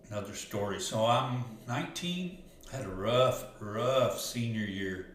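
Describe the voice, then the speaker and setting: Male life coach, lowish voice, earnest and rambling, very echoey room with faint hiss. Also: a little slow. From Arkansas. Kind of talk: casual storytelling monologue.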